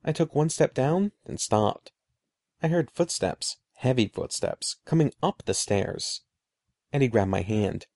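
An audiobook narrator reads a spooky children's story, his delivery expressive and suspenseful at a measured pace. His mellow voice has a gravelly texture, and his pitch roams freely across phrases. The recording is dry and studio-clean.

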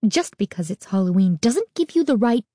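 A woman reader voicing an angry, protective mother with a shrill, demanding tone in a storybook reading. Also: very animated, normal speed, warm tone, no room sound, studio quality. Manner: demanding, indignant.

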